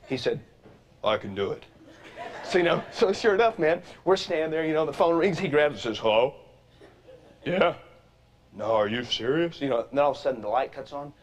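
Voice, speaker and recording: A man hosting a talk show, telling a story in a lively, folksy way and acting out the quotes in different voices. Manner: animated, folksy, acts out quotes with shifting pitch. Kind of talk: energetic storytelling monologue. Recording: dull lo-fi TV sound.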